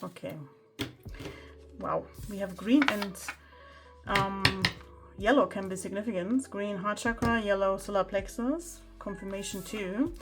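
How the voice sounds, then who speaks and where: A woman talks through a pick-a-card tarot reading at a mid pitch. She chats and exclaims as she turns the cards. Faint music plays in the background. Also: a little slow. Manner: chatty, exclaiming over the cards. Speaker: tarot reader.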